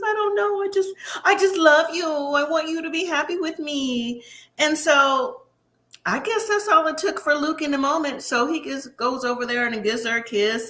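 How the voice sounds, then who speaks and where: A woman giving a casual, opinionated recap of a reality show, chatty and quick to voice the cast's lines. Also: medium pitch. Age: middle-aged. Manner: chatty, opinionated, quotes the cast in lively voices. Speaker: recap host.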